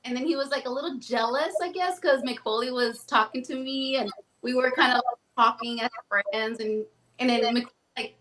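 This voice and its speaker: Woman singer chatting on a podcast, bright high voice, acts out every quote. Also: moderate pace. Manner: animated storytelling, acts out quotes. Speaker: guest singer. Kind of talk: casual podcast chat.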